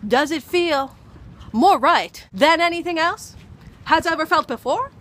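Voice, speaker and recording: A young woman filming herself outdoors at a rainy baseball field, rambling and swearing, her voice jumping from loud outbursts to near whispers. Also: high-pitched, expressive, slow pace, pauses often, a little hiss or hum. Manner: profane, rambling, swings from shouting to whispering. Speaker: vlogger. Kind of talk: rambling comedic vlog monologue.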